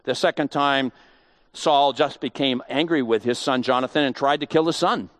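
A man's voice: medium pitch, normal speed, fairly bright tone, no echo. A man giving a conversational Bible teaching, emphatic and full of rhetorical questions.

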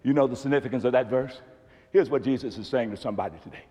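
A middle-aged man preaching a sermon in a large church hall, swinging between shouts and near-whispers. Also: medium pitch, quick pace. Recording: long hall reverb.

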